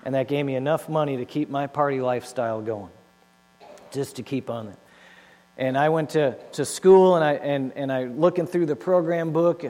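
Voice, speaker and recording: A man telling his life story to an audience, animated and acting out his own past words. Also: mid-range voice, moderate pace. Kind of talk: personal testimony to an audience. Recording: long hall reverb with mains hum.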